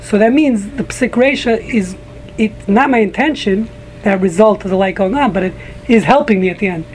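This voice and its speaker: A man's voice: high voice, normal speed, darkish tone, slight background noise, poor audio. A man teaching a casual group Talmud class, rambling with frequent restarts and joking asides to a small room of listeners.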